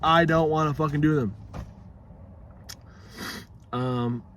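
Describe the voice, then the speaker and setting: A man's voice: fairly high pitch, steady tone, takes it slowly, a bit bright, muffled recording. A young man talking casually to his vlog audience, rambling and swearing freely in a laid-back way. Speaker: vlogger.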